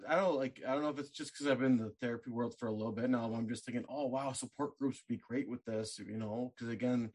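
Husky-voiced male interviewer. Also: mid-range voice, fairly even intonation, fast talker, few pauses, darkish tone. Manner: supportive, reflective listener. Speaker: interview host. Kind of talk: casual interview.

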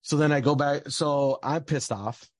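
A man's voice: a little high, fairly even intonation, a little slow, no echo. A young man telling a personal story in casual talk, rambling with lots of fillers and restarts.

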